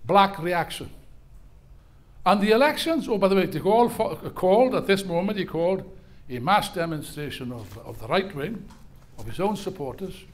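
An older man delivers a fiery political speech at a rally. His voice sits high for a man, and he drives his points home by repeating key words with force. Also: lively intonation, moderate pace. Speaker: rally speaker.

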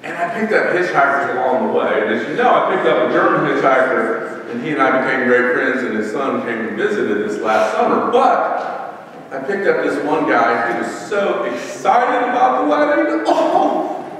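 An older man preaching a conversational sermon as a pastor, unhurried, with joking asides to his congregation. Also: mid-range voice, animated, fairly bright tone, a little hiss or hum. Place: church sanctuary. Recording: echoey church hall from far off.

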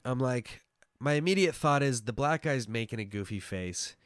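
A man's voice: medium pitch, lively intonation, normal speed, no room sound. A man co-hosting a casual podcast in a hot small room, rambling and swearing with lots of fillers and restarts. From Oregon. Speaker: podcast co-host.

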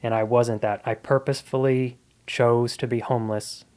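A comedian in his thirties, guesting on a podcast, tells his life story in a casual, earnest, reflective manner. His mid-range voice is level and darkish at a moderate pace.

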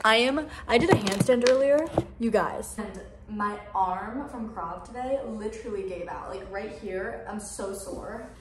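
A woman's voice: mid-range voice, measured pace, background noise. A young woman rambling to the camera in a casual home vlog, chatty and full of fillers. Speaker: lifestyle vlogger. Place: at home, indoors.

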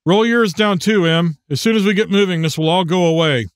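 Audiobook figure: man voicing a hesitant, reassuring father, a touch higher than the narration. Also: brisk, clean tone, no echo, clean studio sound, natural voice. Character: flustered father, middle-aged engineer.

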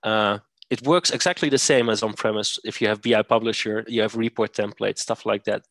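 Low-voiced man explaining software. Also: fairly even intonation, brisk, no room sound. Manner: methodical, explanatory, with "uh" fillers. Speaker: software presenter. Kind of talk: screen-share software demo.

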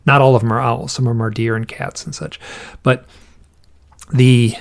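A man's voice: mid-range voice, level tone, normal speed. A man talking as an interview guest, rambling through stories with many restarts and acted-out quotes. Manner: rambling, restarts often, acts out quoted voices. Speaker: podcast guest, author on owls and UFOs. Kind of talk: casual interview storytelling.

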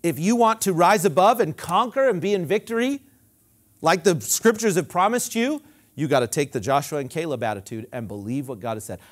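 Animated, high-pitched preaching man. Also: fairly quick. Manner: animated preaching, swinging from loud emphatic declarations to low quiet asides; leads the congregation in call-and-response. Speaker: pastor. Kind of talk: sermon.

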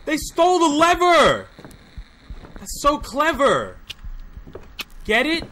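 A man doing a let's play commentary on a horror game, jumpy, loud and joking as he shouts at what happens on screen. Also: extremely high pitch, wildly swooping pitch, slow pace, slight background noise. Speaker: gaming video host.

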